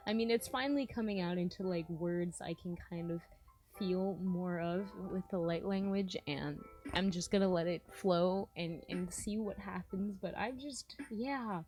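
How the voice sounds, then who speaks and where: A woman's voice: lowish voice, a little slow, a little mellow, faint music behind. A woman talking to her viewers in a rambling, confessional vlog about her feelings, often trailing off mid-sentence. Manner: emotional, self-searching, trails off mid-sentence. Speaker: spiritual vlogger.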